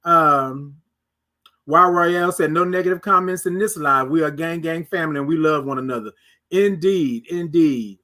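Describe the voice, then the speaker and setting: Man, high voice, middle-aged, live morning show host, casual comment-reading chat, drawn-out repeated greetings. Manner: animated, drawn-out greetings, preacher-like repetition.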